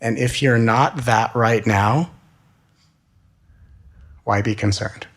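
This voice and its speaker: A man giving a spiritual talk, gentle and soothing, with slow repeated phrases. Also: mid-range voice. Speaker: spiritual teacher.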